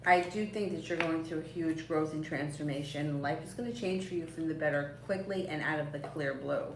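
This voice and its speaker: A woman gives live-stream tarot readings in a chatty, reassuring way, rambling along with fillers and soft little laughs. Her voice sits a little low. She sounds a bit away from the mic, in an echoey room with a faint hiss behind her. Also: brisk, far from the mic. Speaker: tarot reader.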